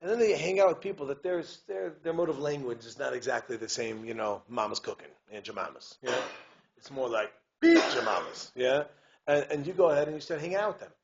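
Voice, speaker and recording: A man, a rabbi giving a community talk, telling stories in an animated way, acting out voices and dropping "right?" asides and restarts. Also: medium pitch, brisk, vocal fry. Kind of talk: lively storytelling lecture. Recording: dull lo-fi recording with faint hiss.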